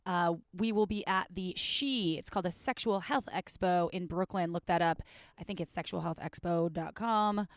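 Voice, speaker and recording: A woman with a Midwestern accent, from Wisconsin, co-hosting a casual podcast, chatty and quick to correct herself with a laugh. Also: lowish voice, no room sound. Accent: Midwestern American. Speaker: podcast co-host.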